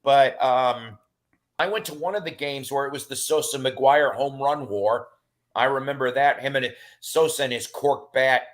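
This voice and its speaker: A man's voice: medium pitch, normal speed. A middle-aged man rambling through casual stories in a chat, with lots of fillers and restarts. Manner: rambling and animated, with many fillers.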